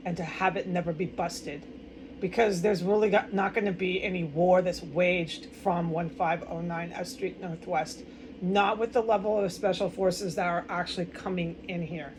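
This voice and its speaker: A woman's voice: on the low side, noisy background. An American woman in a distraught, rambling personal monologue, stumbling over words and swearing often. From United States. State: upset and distraught. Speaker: vlogger.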